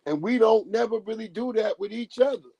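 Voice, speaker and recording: Loud, profane man ranting on a livestream. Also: high-pitched, a little fast, creaky, breathy edge, no room sound. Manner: profane, animated, laughs often, mocking. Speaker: livestream commentator. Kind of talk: casual live-stream rant.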